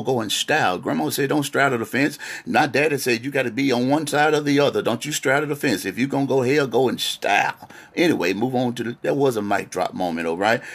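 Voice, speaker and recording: A man preaching a sermon as pastor, talking straight to the audience with teasing asides. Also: on the low side.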